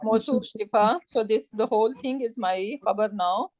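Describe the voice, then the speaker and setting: A woman teaching a live grammar class, explaining step by step and often checking with "right?", in a warm, encouraging tone. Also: a little high, moderate pace. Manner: warm encouraging tone with religious phrases.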